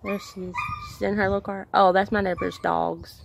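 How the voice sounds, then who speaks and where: A woman's voice: mid-range voice, level tone, normal speed, creaky, few pauses. Young mom rambling to her phone in the backyard, folksy and chatty, a little noise behind her. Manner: chatty, folksy, breaks off to talk to her child. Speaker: vlogger, mother. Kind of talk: casual vlog chat. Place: outdoors in a backyard.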